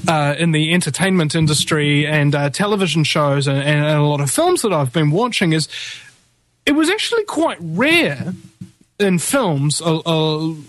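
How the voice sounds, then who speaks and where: A man's voice: a little high, a bit bright. A man hosting a live talk radio show, rambling and opinionated as he rants between topics.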